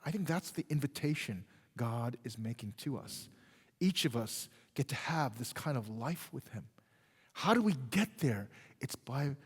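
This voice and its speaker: A man preaches in a church sanctuary, his voice leaping in pitch and volume from punchy emphasis down to hushed, slowed phrases. He keeps the congregation close with frequent "right?" and "okay?" The sound carries the long reverb of a large hall. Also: breathy edge. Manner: animated preaching, swinging from loud emphasis to quiet, drawn-out phrases; conversational, checks in with "right?" and "okay?". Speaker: pastor. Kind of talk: sermon.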